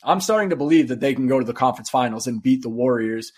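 Man, quick talker, mid pitch, casual podcast banter, rambling analysis. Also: expressive, darkish tone, breathy edge. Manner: rapid, rambling analysis with fillers. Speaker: podcast co-host. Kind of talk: casual sports chat.

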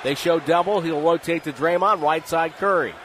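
A man calling live basketball play-by-play in rapid clipped phrases, rising to shouts on big plays. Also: fairly high pitch. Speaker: play-by-play announcer. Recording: broadcast with arena noise behind. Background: arena crowd and ball bounces.

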